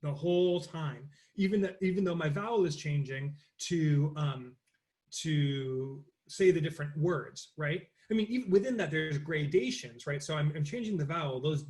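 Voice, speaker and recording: A young man leads a voice lesson, explaining resonance in loose, halting bursts and breaking into sung exercises. His speaking voice sits a little high for a man. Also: darkish tone. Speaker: voice teacher. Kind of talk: interactive online voice lesson.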